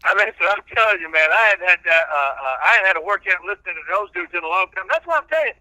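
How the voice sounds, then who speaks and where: A man's voice: high voice, lively intonation, racing, bright, forceful tone, dry recording, rough recording. A male radio personality talking casually as a guest, rambling with many filler sounds. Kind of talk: casual chat.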